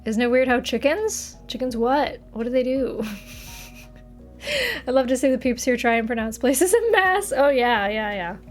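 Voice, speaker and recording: A woman's voice: high voice, very animated, unhurried, faint music behind. A young woman streamer in casual chat, reading viewers' messages aloud and laughing often. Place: home streaming setup.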